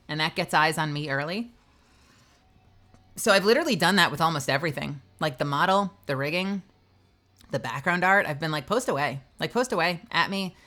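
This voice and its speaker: A woman's voice: on the low side, a bit bright. A young woman streaming and chatting casually, rambling and making self-mocking jokes. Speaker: streamer and voice actor. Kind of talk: casual live-stream chat.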